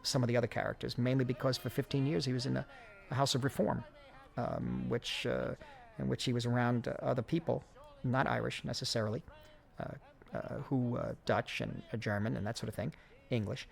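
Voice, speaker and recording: A film director gives a reflective audio commentary, his medium-pitched voice touched with vocal fry. He pauses often, uses fillers and restarts his sentences.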